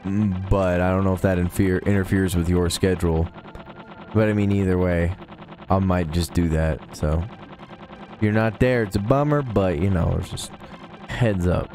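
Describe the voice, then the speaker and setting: A man's voice: deep voice, steady tone, moderate pace, a little mellow, slight background noise. A young man rambling casually on a live game stream, laid-back and swearing now and then.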